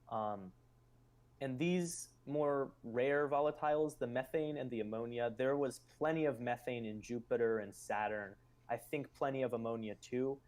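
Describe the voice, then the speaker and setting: Male stream host at a mid pitch, casual and speculative, explaining with plenty of fillers. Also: darkish tone. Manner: musing, speculative, loose with fillers.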